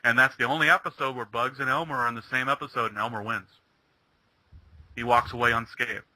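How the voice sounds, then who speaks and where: A man's voice: mid-range voice, steady tone, brisk, sharp tone, dry recording, low-quality recording. A man chatting casually and retelling a cartoon plot, rambling with many restarts. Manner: rambling storyteller, stumbling restarts. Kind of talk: casual chat.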